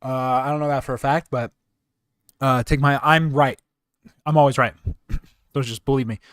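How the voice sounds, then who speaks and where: A man on a casual livestream, mocking a video he is reacting to with sarcastic asides. His voice sits at a middle pitch. The sound is dry and close to the mic. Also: steady tone, moderate pace, fairly bright tone, no echo. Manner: sarcastic, joking, talks back to the video. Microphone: close desk mic.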